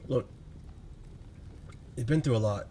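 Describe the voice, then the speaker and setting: A man's voice: mid-range voice, slow pace, dark tone, slight background noise, lightly acted. A man voicing a devoted male lover reading out a tender, teasing farewell letter in a tabletop game.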